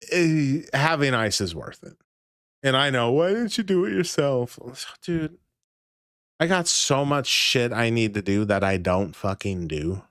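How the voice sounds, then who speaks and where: A man in his thirties hosting a livestream, talking at a middle pitch in a loose, rambling way and swearing freely. His voice is close and dry, with no room sound around it. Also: fairly bright tone, clear, resonant tone, no echo. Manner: profane, rambling, swears often and laughs. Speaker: livestream host. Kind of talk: casual livestream chat.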